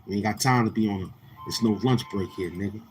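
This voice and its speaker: Brash low-voiced New York man. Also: fast talker, a little hiss or hum. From Queens, New York. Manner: brash, profane, confrontational. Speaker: livestream host. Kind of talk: casual livestream chat with viewers.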